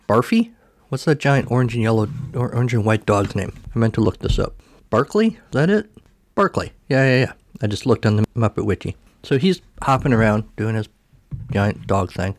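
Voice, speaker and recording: Rambling, low-voiced male podcast host. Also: darkish tone, no room sound, clean studio sound. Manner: rambling, self-correcting. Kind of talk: casual film recap.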